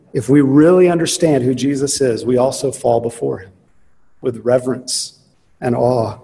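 A male pastor preaches with earnest emphasis, leaning into key phrases and slowing down to drive them home. His voice sits a little high for a man, and it rings out with the long reverb of a large hall. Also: warm tone. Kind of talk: sermon.

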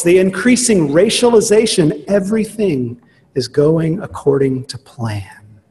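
A man preaching a sermon, earnest and emphatic, slowing down on key phrases. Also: a little high, a little mellow. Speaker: pastor. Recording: long reverb of a large hall.

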